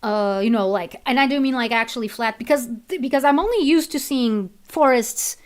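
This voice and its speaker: A woman's voice: fairly high pitch, normal speed. A woman chatting casually on a stream, rambling with many restarts and easy laughs. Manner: rambling, restarts often, laughs easily, switches to Portuguese. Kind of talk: casual chat while worldbuilding.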